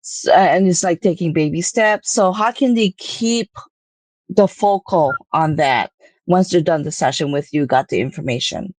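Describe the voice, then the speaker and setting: A woman who interviews the guest and asks halting questions, often searching for her words. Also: lowish voice, darkish tone, no echo.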